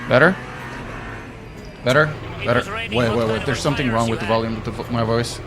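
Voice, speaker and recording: A man's voice: medium pitch, fairly quick, loud music behind the voice. A man streaming a racing sim, chatting casually with his viewers, often cutting himself off mid-sentence. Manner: fidgety, self-interrupting, talks to chat while fixing audio. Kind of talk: casual live stream chat while driving.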